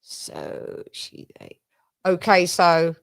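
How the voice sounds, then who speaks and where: A woman's voice: on the low side, huge pitch swings, extremely slow, vocal fry. Chatty British woman spinning stories. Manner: rambling, swearing family anecdotes. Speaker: live stream host. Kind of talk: casual chat.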